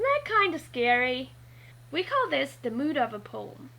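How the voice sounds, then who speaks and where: A woman narrating a scripted lesson, talking slowly and deliberately and spelling out letters one by one. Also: sits high, big pitch swings, a bit bright, low-quality recording. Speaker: teacher.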